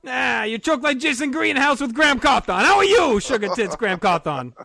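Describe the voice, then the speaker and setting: A crude, rowdy giant wrestler. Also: male voice, extremely high pitch, big pitch swings, fairly quick, gravelly, bright, forceful tone, no echo, studio quality, full character voice. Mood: rowdy teasing. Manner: rowdy, crude, teasing, laughing at own jokes. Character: crude boisterous giant male wrestler from Argentina. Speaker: guest doing a character. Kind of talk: comedic impression on a podcast.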